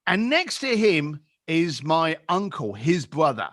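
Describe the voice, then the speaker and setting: A London-accented man in his fifties tells a story with great animation and slips into other people's voices. His voice is bright and swings widely in pitch. It is recorded dry and close. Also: slow, no room sound. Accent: London English. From England. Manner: lively, acts out voices in anecdotes. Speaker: podcast guest.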